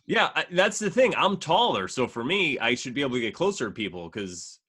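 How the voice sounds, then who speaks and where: Podcast guest, male, husky and animated, easygoing wisecracks. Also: mid-range voice, brisk. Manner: wry, joking asides. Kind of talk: casual chat.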